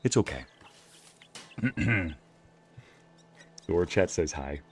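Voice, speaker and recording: A man casually commentating a video game as a streamer, playful and jokey, sometimes breaking into loud yelling. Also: low voice, expressive, very slow, slight background noise.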